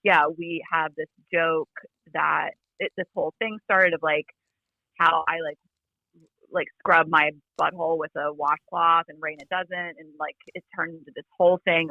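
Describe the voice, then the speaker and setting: A woman chatting as a podcast guest over a remote call, talking quickly with lots of "like" fillers and a fry in her voice. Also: low-pitched, no room sound. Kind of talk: casual chat. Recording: phone-like remote line.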